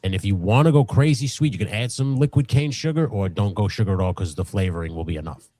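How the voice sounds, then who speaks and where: A middle-aged man in casual, profane chat as co-host of a live stream, rambling and laughing often. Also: fast talker. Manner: rambling, animated, laughs often, acts out high voices in stories. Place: home workshop. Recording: dry room with faint music.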